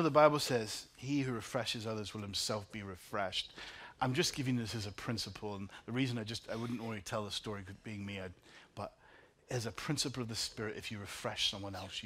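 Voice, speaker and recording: Man preaching a sermon, stories softly told. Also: fairly low pitch, fairly quick, hardly any pauses, slight background noise. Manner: personal storytelling with emotional swings, soft then rising. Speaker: pastor.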